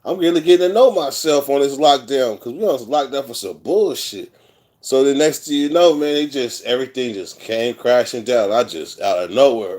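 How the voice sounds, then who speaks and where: A man's voice: medium pitch, normal speed, a little mellow. Middle-aged man, rambling, candid, swearing freely, casual storytelling. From California. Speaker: vlogger telling prison stories.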